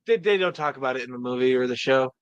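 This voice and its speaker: A man's voice: medium pitch, animated, fast talker, clean tone, no echo, dull audio. A man guest in a casual chat, eagerly explaining and tripping over his words. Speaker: fan editor, guest.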